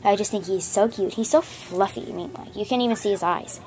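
Girl vlogger, rambling show-and-tell of her plush toys, gushy and chatty, mid pitch, from her bedroom. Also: fairly quick, darkish tone. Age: child. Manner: chatty, gushing, rambling with fillers. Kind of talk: casual show-and-tell vlog.

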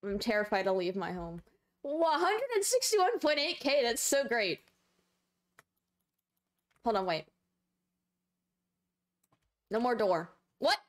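This woman streamer has a fairly high pitch and chats casually with viewers as she plays a game on livestream. Rambling and excitable, she breaks into shrieks and laughter readily.

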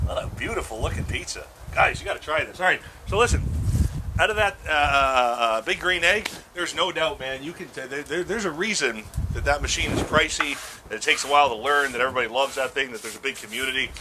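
A man's voice: mid-range voice, noisy background. A middle-aged man hosting a casual grilling demo outdoors, chatty and self-mocking as he cooks. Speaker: grilling show host.

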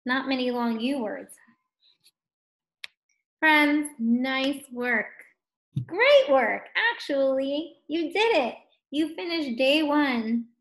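Slow, encouraging woman teacher. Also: sits high, a bit bright. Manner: encouraging and praising, sounding words out slowly. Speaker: first grade teacher. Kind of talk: recorded distance-learning phonics lesson for young children.

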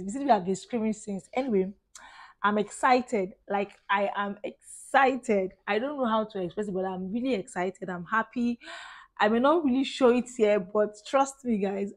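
A woman in her thirties from Nigeria with a Nigerian accent, talking casually and effusively to her vlog viewers. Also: mid-range voice. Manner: chatty and effusive, with frequent "like" and "guys". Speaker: vlogger.

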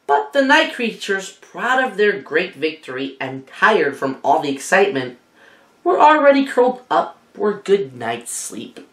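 A woman teacher reading a picture book aloud to children, animated, asking her listeners questions along the way. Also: on the low side, measured pace. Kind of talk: children's storybook read-aloud. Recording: echoey room.

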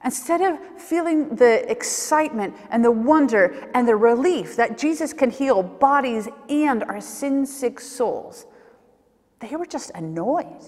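A woman's voice: on the high side, expressive, unhurried, a little mellow. A woman giving a sermon, telling Bible stories vividly and acting out the questions people asked. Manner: vivid storytelling, acts out questions and scenes. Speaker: preacher. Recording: reverberant church hall.

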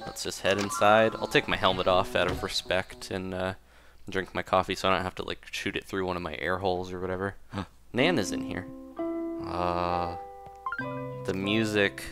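Laid-back male gameplay commentator, low voice, rambling and chuckly, with game music under him. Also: flat delivery, normal speed, a bit bright. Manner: easygoing, rambling, chuckles often; reads game dialogue aloud in playful voices.

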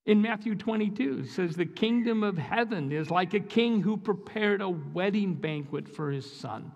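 A man's voice: high-pitched, normal speed, vocal fry, darkish tone, muffled recording. A man with an Upper Midwest American accent, preaching as a guest speaker, earnest and emphatic, often repeating his phrases. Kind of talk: sermon. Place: church sanctuary. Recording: long church hall reverb.

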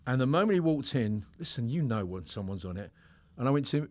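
A man's voice: mid-range voice, animated, fast, a little mellow. A middle-aged man who works as a hypnotherapist, telling stories in a podcast conversation in a blunt, straight-talking way with plenty of swearing.

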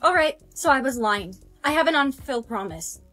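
High synthetic woman reading story dialogue, smooth and even, soft music under it. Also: fairly quick, dry recording. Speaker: text-to-speech storyteller. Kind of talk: scripted storytime narration.

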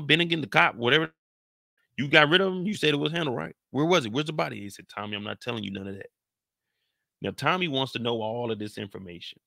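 A man casually recapping a TV drama episode in a boastful, animated, slangy way. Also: a little high, vocal fry, dry recording, studio quality. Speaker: YouTube show recapper.

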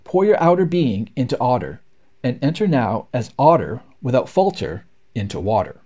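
A man reads nature poems aloud with rhythmic, expressive delivery. His mellow, dark tone rises and falls in lively swings. The pace follows the beat of the verse. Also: mid-range voice, normal speed, highs cut off. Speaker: reader. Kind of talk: poetry read aloud.

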